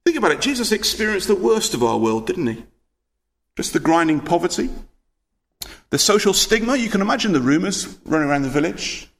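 A man's voice: on the high side, sing-song, fairly quick, creaky. A man preaching a sermon, earnest and emphatic, asking rhetorical questions and often repeating words as he presses a point.

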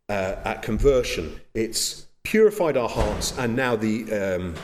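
Earnest pastor, lively delivery. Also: male voice, medium pitch, a little hiss or hum. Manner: earnest, conversational preaching with asides. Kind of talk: sermon. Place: church.

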